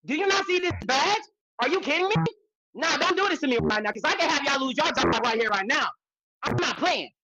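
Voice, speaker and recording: Lady quoting a fed-up boss man, loud and bossy, pitch a bit up. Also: animated, brisk, crowd noise. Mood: indignant. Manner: forceful, demanding. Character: indignant male boss pulling rank.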